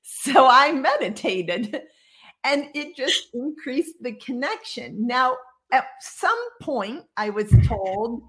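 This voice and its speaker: Sixtyish woman from iowa, kinda high voice, chatty storyteller on a video call, acts out the quotes. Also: slow. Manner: lively storyteller who acts out quoted dialogue. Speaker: guest psychic medium. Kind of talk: casual storytelling interview.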